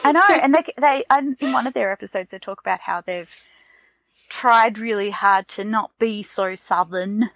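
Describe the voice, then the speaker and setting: A Tasmanian woman with an Australian accent chats casually as a podcast co-host, rambling along with fillers and restarts. Her mid-range voice is a bit bright and moves at a normal speed, in a low-quality recording with no echo.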